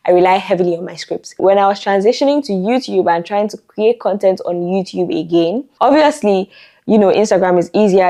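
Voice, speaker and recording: A woman's voice: lowish voice, dark tone. A young woman vlogging casual advice on making content, chatty and laughing easily as she talks. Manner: chatty, laughs often, repeats lines. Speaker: content creator. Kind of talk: casual talking-head vlog advice.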